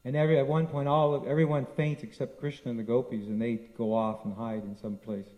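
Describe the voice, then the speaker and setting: A man giving a devotional talk, retelling scripture stories in a lively storytelling manner. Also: medium pitch, fast talker, low-quality recording. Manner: storytelling, lively, frequent restarts. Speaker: spiritual teacher.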